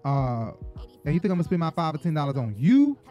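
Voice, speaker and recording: A man from Atlanta, hosting an entertainment gossip show in a chatty, profane, animated storytelling manner. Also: fairly high pitch, fast talker, muffled recording, soft background music. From Atlanta, Georgia. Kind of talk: casual gossip commentary.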